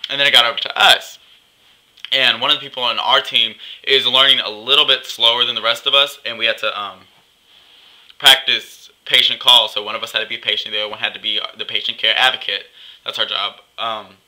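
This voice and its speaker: A man's voice: mid-range voice, fairly even intonation, brisk, pushed and bright, rough recording. A young man vlogging in a chatty, gossipy way, acting out what others said. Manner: chatty, gossipy, acts out quotes. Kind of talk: casual vlog rant.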